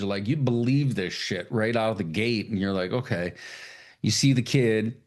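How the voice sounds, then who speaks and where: A man hosting a casual podcast chat, animated and swearing freely, acting out lines in high put-on voices. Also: normal speed. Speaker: podcast host.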